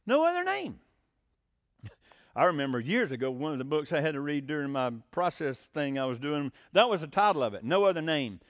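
A man's voice: fairly high pitch, brisk, no echo. A man preaching a sermon, folksy and blunt, with sarcastic asides.

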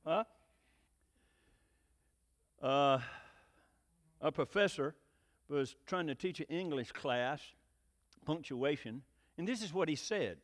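A man preaching a joking, folksy sermon, often rising into emphatic bursts. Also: on the high side. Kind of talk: sermon with jokes. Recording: long reverb of a hall.

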